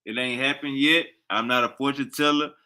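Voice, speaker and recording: A man's voice: medium pitch, fairly even intonation, a little fast, sharp tone. A man in a casual chat, loose and joking with trash talk.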